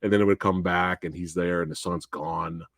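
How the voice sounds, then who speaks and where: A man hosting a live movie review, talking in a casual, animated way and slipping into exaggerated quoted voices. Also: low voice, normal speed, no echo, clean studio sound. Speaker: host of a movie review show.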